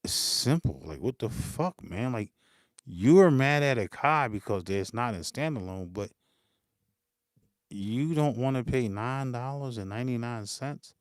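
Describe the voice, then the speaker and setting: A man's voice: mid-range voice, animated, unhurried, dry recording, clean studio sound. A man, ranting unscripted to camera about music gear, swearing freely, laughing and mimicking his critics. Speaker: beatmaker hosting his channel.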